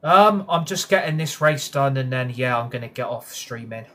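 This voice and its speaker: A man's voice: medium pitch, expressive, normal speed, fairly bright tone. A young British man streaming a racing game, chatting casually, grumbling and swearing when frustrated. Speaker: gaming streamer. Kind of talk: live gameplay commentary.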